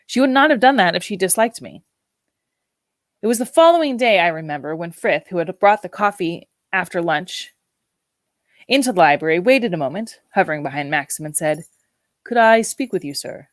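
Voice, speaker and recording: A woman narrating a novel as an audiobook in a measured, reflective way. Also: lowish voice, lively intonation, no echo. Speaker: audiobook reader.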